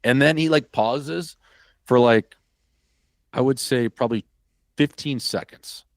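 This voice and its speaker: A man from Wisconsin, a former hockey player, telling a story as a podcast guest in a casual, animated and profane way. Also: medium pitch, a little slow, no room sound.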